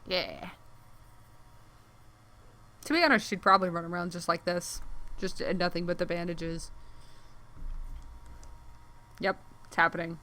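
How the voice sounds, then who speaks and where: Woman streamer sketching and chatting to herself, kinda low voice, rambly, full of "like"s. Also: measured pace, pauses often, bright, forceful tone. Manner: rambling and easily distracted, many filler "like"s; exclaims at what she sees on screen. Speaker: artist streaming while drawing. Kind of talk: casual thinking aloud while sketching.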